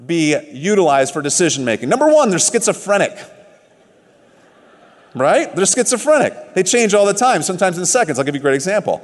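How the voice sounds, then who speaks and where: A middle-aged man giving a motivational stage speech at a business event, telling stories with animated emphasis. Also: high-pitched. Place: large event hall. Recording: long hall reverb.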